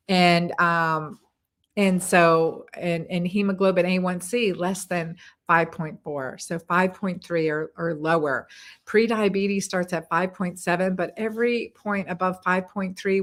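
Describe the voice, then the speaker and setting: Chatty woman doctor on a live stream. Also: on the low side. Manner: chatty, answers viewer comments, many fillers and repeats. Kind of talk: casual live-stream chat. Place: home in Texas.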